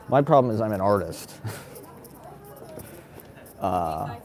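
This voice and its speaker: A man's voice: on the low side, darkish tone. A man, a stand-up comedian, ranting in a casual monologue, agitated and profane, laughing between his complaints.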